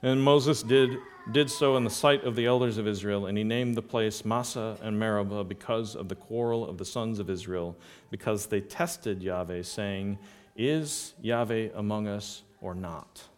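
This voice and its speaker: A man's voice: fairly low pitch, normal speed. A man preaching a sermon, reading scripture passages aloud and explaining them, rising in volume for emphasis.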